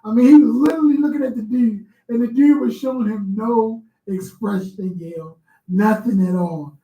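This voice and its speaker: A woman co-hosting a casual talk radio show, who tells stories in an animated, laughing way. Her voice is warm and dark. An echoey room surrounds her. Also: a little high, normal speed.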